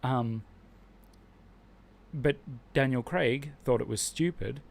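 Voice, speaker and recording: A man's voice: mid-range voice, slow, gravelly. A man hosting a live stream, talking casually and with strong opinions, rambling and restarting his sentences often.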